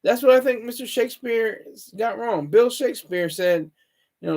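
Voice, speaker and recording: Rambling high-voiced man livestreaming. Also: animated, moderate pace, a little mellow. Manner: rambling, self-correcting, opinionated. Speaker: streamer. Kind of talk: casual solo livestream monologue.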